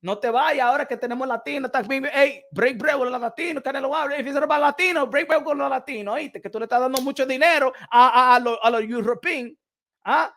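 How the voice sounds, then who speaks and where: A man's voice: very high-pitched, fast talker, sharp tone. A man hosting a boxing commentary show, ranting in a heated, profane and mocking way, often breaking into laughter. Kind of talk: opinionated rant to camera.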